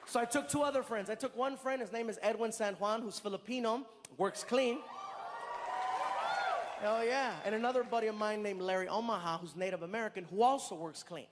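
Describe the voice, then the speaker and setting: High-voiced male comic telling a story on stage. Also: fast, hardly any pauses, long reverb tail, a crowd in the background, background noise. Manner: animated storytelling with acted-out dialogue. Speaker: stand-up comedian. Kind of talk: stand-up comedy set. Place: live comedy venue on stage.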